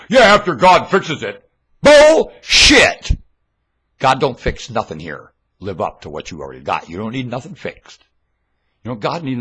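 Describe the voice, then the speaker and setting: A man giving a rambling, scornful religious monologue into a webcam at home, dropping to low mutters and then bursting into shouts. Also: slightly rough. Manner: preachy, scornful, lectures the listener.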